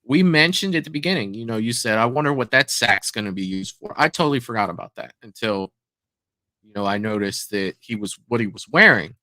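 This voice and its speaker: An easygoing man talks through a fan film, hedging with "you know" as he goes. His tone is bright and forward, and the recording is dry and close. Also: medium pitch, animated, a little fast, dry recording. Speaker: co-host reviewing fan films. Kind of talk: casual review chat.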